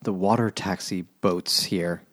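A man's voice: sits low, steady tone, measured pace, fairly bright tone. A man co-hosting a casual chat, summarizing a story with dry, wry asides. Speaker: podcast co-host.

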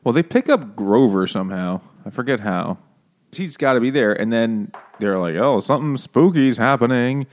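Male co-host, lowish voice, crude joking banter. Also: expressive. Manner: joking, profane, quick to laugh. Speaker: podcast co-host. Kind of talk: casual book-discussion banter.

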